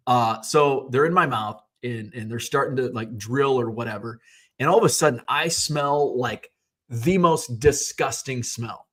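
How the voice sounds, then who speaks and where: A man's voice: medium pitch, fairly bright tone. A man telling a personal story in a rambling, casual way, with loose swearing and plenty of quoted back-and-forth. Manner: rambling, conversational, swears casually, retells scenes in quoted voices. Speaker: hobby vlogger.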